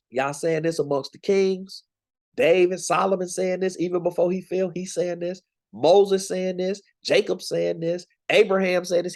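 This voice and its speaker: A man's voice: sits high, vocal fry, darkish tone. A young man teaching scripture in a casual, slangy, emphatic way, from the United States. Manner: conversational, preachy, slangy and emphatic. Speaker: Bible teacher.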